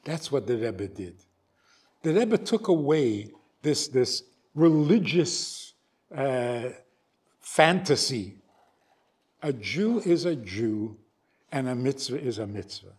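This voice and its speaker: Animated older rabbi telling a story. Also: male voice, medium pitch, slow pace, husky. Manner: animated storyteller, acts out both sides of dialogues. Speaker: rabbi lecturer. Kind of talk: storytelling lecture. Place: synagogue hall.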